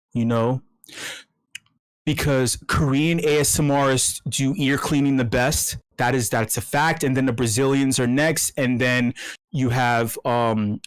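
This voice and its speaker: A male meetup host does a mock ASMR bit that keeps breaking into yelling, full of swearing and stammered repeats. His voice sits at a middling pitch. The sound is dry and close, with no room echo. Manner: profane, swings from hushed to yelling. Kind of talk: comic rant in mock ASMR.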